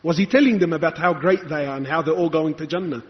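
A man's voice: on the high side, fast. A male preacher giving an impassioned, rhetorical sermon, challenging his listeners. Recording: echoey hall, dull lo-fi sound.

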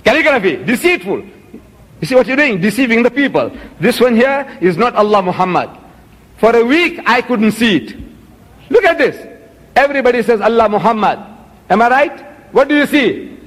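A man's voice: high-pitched, sing-song, normal speed, long pauses, long reverb tail. A man giving a public lecture, indignant and rhetorical, holding up items for the audience. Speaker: Muslim lecturer.

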